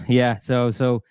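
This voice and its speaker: A man's voice: mid-range voice, a little mellow, clear, resonant tone, no echo. A man talking casually on a live trading stream, chatty and self-deprecating, full of restarts and asides to viewers. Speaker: forex trader streamer.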